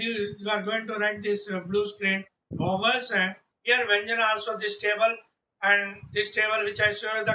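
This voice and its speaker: A man's voice: sits high, pushed and bright, far from the mic, dull audio. A male teacher, giving an online class lesson and patiently sounding out letters one by one.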